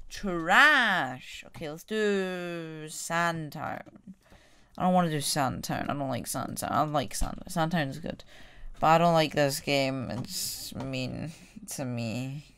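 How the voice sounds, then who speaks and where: A woman giving casual gameplay commentary as a gaming YouTuber, excitable and trash-talking, shouting at enemies. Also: low-pitched, clear, resonant tone.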